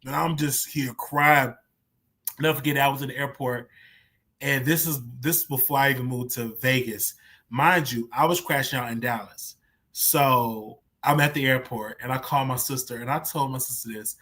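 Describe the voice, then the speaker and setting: A livestream show host talks casually, candidly, and animatedly about his past, often repeating himself for emphasis. His medium-pitched voice is bright and forceful at a moderate pace.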